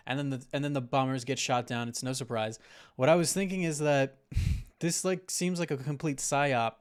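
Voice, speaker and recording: A man's voice: medium pitch, steady tone, moderate pace, clean tone. A man co-hosting a podcast, casually talking through political theories with many fillers and laughing at his own points. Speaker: podcast co-host.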